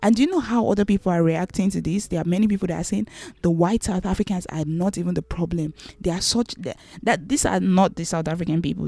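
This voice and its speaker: A woman's voice: fairly low pitch, creaky, mellow, no room sound. A young woman vlogging her opinions, exasperated and rhetorical, repeating her questions for emphasis. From Nigeria. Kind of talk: opinionated commentary to camera.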